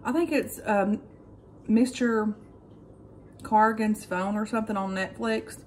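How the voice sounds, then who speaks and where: Woman vlogger, relaxed and chatty, mid-pitched, faint noise behind. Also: measured pace. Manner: chatty, relaxed, says "y'all". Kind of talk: casual cook-with-me chat.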